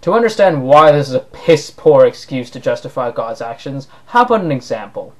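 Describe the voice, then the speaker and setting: A man's voice: mid-range voice, very animated, fairly quick. A man delivering an opinion monologue to camera in a sarcastic, argumentative way, rising now and then to indignant outbursts. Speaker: vlogger.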